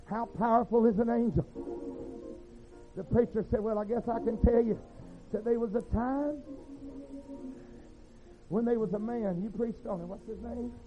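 A man preaching a sermon, telling stories in a rhythmic, folksy way that swings from hushed to shouting. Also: very high voice, normal speed, long pauses. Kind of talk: sermon storytelling. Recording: tinny phone-like sound with faint music.

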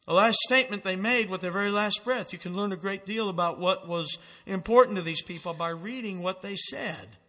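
A man's voice: high voice, a little fast, hardly any pauses, pushed and bright, in a large hall. A man preaching a fervent sermon, reading out dramatic quotations with emphasis.

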